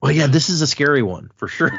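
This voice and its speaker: A man hosting a casual podcast, reading passages from a book aloud and talking them over in a relaxed way. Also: on the high side, a little fast, gravelly, breathy edge, dry recording, muffled recording. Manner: relaxed, with fillers and restarts.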